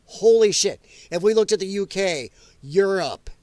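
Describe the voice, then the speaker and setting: A man talks off the cuff on his livestream, swearing freely, laughing a lot and reacting to his chat. His voice sits high and swings widely in pitch. The sound is close and dry. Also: animated, a little slow, a little mellow, no echo. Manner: loose, profane, laughing, reading chat comments. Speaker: livestream host. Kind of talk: casual political livestream chat.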